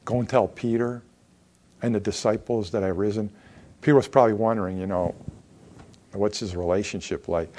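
A man's voice: mid-range voice, darkish tone. Man preaching a sermon. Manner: reads scripture aloud, acts out voices of the figures; asks the congregation questions. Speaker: pastor.

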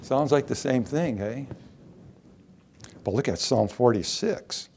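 A man's voice: medium pitch, takes it slowly, gravelly, a little mellow, a little hiss or hum. A middle-aged man preaching a sermon, asking rhetorical questions and reading scripture aloud.

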